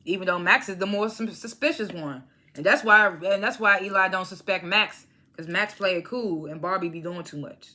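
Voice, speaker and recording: A woman recaps a TV drama in a loose, conversational way. Her voice sits a little low but sounds bright and forward. She slips into the characters' lines as she goes. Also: moderate pace. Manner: animated retelling, acts out characters' lines, frequent laughs. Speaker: TV episode reviewer. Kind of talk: casual recap vlog.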